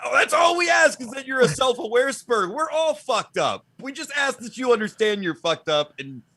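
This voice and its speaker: Casting: crude, animated male podcast co-host, mid-pitched and bright. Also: normal speed, dry recording, studio quality. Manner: crude, joking, acts out quotes. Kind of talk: casual profane chat.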